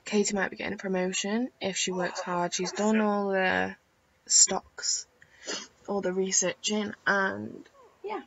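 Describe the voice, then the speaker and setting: Woman gamer, casual late-night commentary, gravelly tired voice, dull lo-fi home mic. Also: medium pitch, little pitch movement, measured pace, a little hiss or hum. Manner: rambling, soft-spoken with many ums. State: tired, croaky voice. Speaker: gaming YouTuber. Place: home at night with family asleep.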